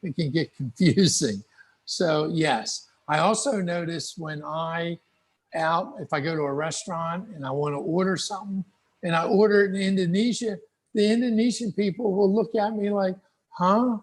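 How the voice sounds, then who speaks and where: A middle-aged American man giving folksy, relaxed advice to English learners over a video call. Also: sits high, moderate pace. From United States. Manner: relaxed, folksy, acts out little dialogues. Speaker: guest speaker.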